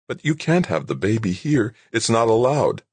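A man's voice: mid-range voice, sing-song, normal speed, slightly rough, no room sound, pitched above the performer's own voice. A man reading an audiobook, voicing a flustered young husband who protests anxiously. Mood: panicky.

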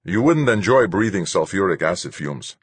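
Man voicing a brisk, practical male pilot. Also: deep voice, sing-song, slightly rough, dry recording, full character voice.

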